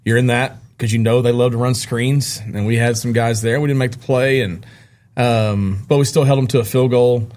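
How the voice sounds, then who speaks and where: A man, a football coach, explaining his team's play quickly during an interview. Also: mid-range voice, steady tone, a little mellow. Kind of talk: post-game interview.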